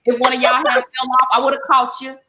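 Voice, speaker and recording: A woman, hosting a live talk show, emotional and quick to laugh. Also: sits high, completely flat delivery, a loud crowd. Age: 40s. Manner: effusive, emotional, laughing often. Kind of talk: casual live chat. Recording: noisy live stream audio.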